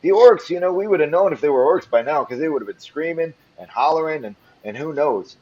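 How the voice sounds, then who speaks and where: A man's voice: on the high side, lively intonation, a little fast, a little mellow, husky, muffled recording, pitched above the performer's own voice. A man voicing a puzzled old village man who rambles in an unsure way.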